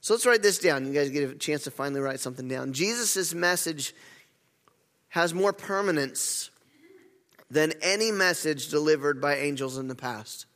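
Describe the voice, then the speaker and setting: A man's voice: fairly high pitch, moderate pace, a bit bright. Preaching man in a reverberant hall. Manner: earnest, with repeated words and restarts. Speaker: pastor. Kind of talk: sermon.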